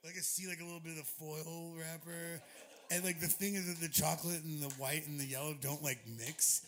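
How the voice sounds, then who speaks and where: A man's voice: on the high side, fairly even intonation, fairly quick, fairly bright tone, slight background noise. A man in his forties, a touring musician, telling a rambling, profane story on a club stage into a stage mic, laughing often.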